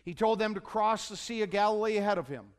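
A man's voice: sits high, quick pace, clear, resonant tone. A male pastor preaching a sermon in a church, retelling a story with humorous asides and questions to the congregation. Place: church sanctuary.

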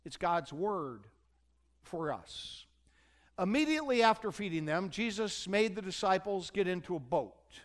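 A man's voice: high-pitched, sing-song, measured pace. A male pastor preaching a sermon in a church, retelling a story with humorous asides and questions to the congregation. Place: church sanctuary.

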